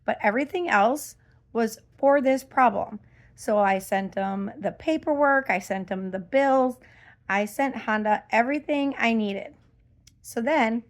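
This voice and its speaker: A middle-aged woman ranting in a casual vlog, exasperated and rambling with lots of fillers. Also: on the high side. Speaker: vlogger.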